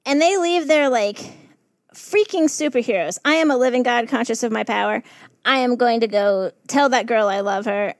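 A woman working in festival harm reduction, telling stories in a casual podcast chat, animated and laughing often. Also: fairly high pitch, no echo, clean studio sound.

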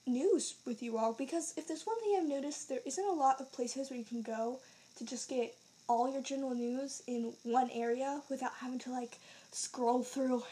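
A woman hosting her own podcast in a bubbly, excited, rambling way, a little out of breath and correcting herself as she goes. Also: sits high. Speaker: podcast host. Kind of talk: casual solo podcast chat.

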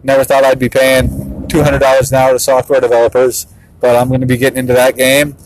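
Chatty laughing dad. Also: male voice, medium pitch, monotone, a little fast, a little hiss or hum, rough recording. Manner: chatty, laughs often, playfully mimics his kids. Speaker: father and business owner. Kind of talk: casual vlog monologue.

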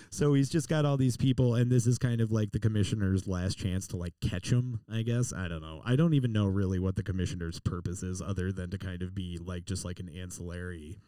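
A man talks through a film recap in a rambling, joking way, swearing now and then. His voice sits fairly low and sounds warm and mellow. The sound is dry and a little distant from the mic. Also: fairly quick, smooth, dry recording. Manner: rambling, jokey, swears casually. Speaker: podcast co-host recapping a film. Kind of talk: casual chat.

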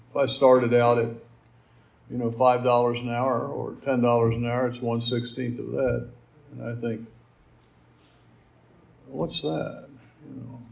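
A man's voice: medium pitch, gravelly, a little mellow. A middle-aged man giving a conversational sermon, folksy and rambling, with asides and fillers. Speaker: preacher.

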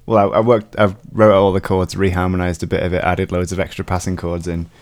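Man co-host, lowish voice, self-deprecating and rambling, remote call. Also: flat delivery, quick pace. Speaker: musician and co-host. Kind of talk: casual podcast chat.

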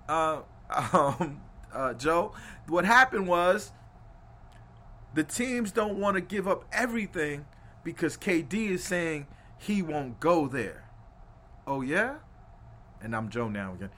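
A man hosting a casual sports podcast, animated and laughing, swinging between loud rants and low asides. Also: unhurried. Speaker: podcast host.

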